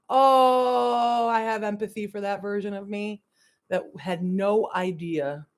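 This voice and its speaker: A woman spiritual coach with a fairly low pitch gives an open, candid monologue on a livestream. She moves between hushed asides and emphatic bursts, laughing and swearing along the way.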